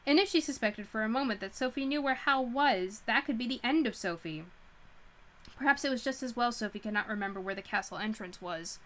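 Brief: woman narrator, bright and crisp, reads aloud with frequent self-corrections. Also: fairly high pitch, brisk. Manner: stumbling over words and correcting herself. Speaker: livestream book club host. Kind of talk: reading a novel aloud.

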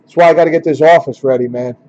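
A man's voice: a little high, fast, darkish tone, lo-fi sound. A man hosting a casual card-opening break, grumbling and joking with his viewers.

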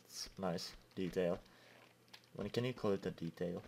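A man's voice: low voice, a little slow, creaky, darkish tone, a little hiss or hum. A young man giving casual gameplay commentary, chatting and laughing at his own slips of the tongue. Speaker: let's play host.

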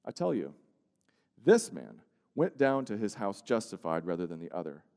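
A man's voice: fairly low pitch, huge pitch swings, moderate pace. Preaching man in a reverberant church. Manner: preaching with swings from hushed to emphatic. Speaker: pastor. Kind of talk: sermon. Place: church sanctuary. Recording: long church-hall reverb.

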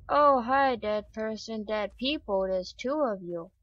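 Bright high-voiced excitable woman gamer. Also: dry recording, highs cut off. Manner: excitable, shrieks when startled, chatty asides. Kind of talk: let's play commentary.

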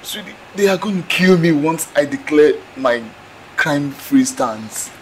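A man's voice: a little high, lively intonation, unhurried, slight background noise, poor audio. An actor playing a young man caught in a life of crime, hesitant and reluctant with his lover, in a film drama.

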